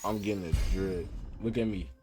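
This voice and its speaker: A man giving excitable gameplay commentary, yelping and repeating himself as he plays. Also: low voice, normal speed. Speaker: gaming streamer. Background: game music.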